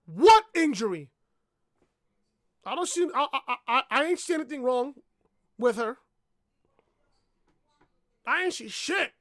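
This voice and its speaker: A woman's voice: sits high, animated, measured pace, long pauses, a bit bright, no room sound, studio quality. A woman reviewing a wrestling show in a blunt, profane rant, repeating herself and barking "woof" between points, on a laptop webcam mic. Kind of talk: profane ranting review vlog.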